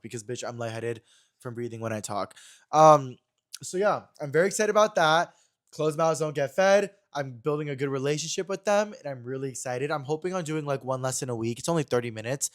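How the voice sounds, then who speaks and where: A young man hosting his own podcast, telling a story in a chatty, animated way and talking fast. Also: mid-range voice. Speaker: podcast host. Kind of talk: casual chat.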